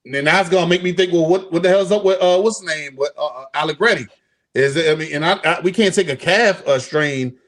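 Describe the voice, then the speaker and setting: A young man co-hosting a casual sports talk stream, animated and profane, acting out quotes as he talks. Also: brisk. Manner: animated, profane, acts out quotes with big pitch jumps. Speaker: podcast co-host.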